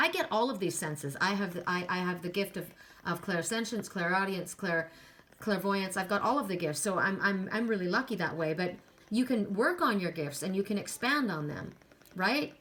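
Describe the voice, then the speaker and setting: A woman's voice: medium pitch, fairly bright tone. A middle-aged woman doing a casual spiritual card reading. She talks in a chatty way, often repeats words and keeps adding "right?". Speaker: oracle card reader.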